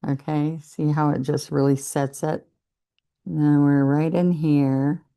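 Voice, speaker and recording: Slow, gravelly older woman teaching painting. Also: low-pitched, level tone, warm tone. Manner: chatty, encouraging, talks while working. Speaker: painting instructor. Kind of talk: relaxed painting demonstration.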